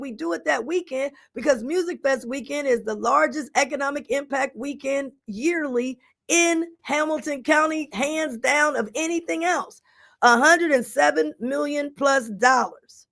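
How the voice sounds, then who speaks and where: A woman's voice: sits high, unhurried, gravelly, fairly bright tone. A middle-aged woman radio host and commissioner telling a story in an emphatic, preacherly way, acting out the dialogue. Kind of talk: animated storytelling talk.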